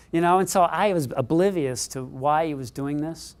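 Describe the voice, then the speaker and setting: A middle-aged man giving a keynote speech, telling a story with animated delivery that lifts in pitch as he gets excited. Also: a little fast, hardly any pauses. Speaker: keynote speaker.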